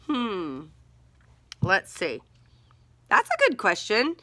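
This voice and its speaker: A young woman teaching young children writes aloud, pausing to think and sounding out each word. Her voice is bright and swings widely in pitch, and the recording is close and dry. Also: big pitch swings, no echo. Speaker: first grade teacher. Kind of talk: modeling writing aloud for young students.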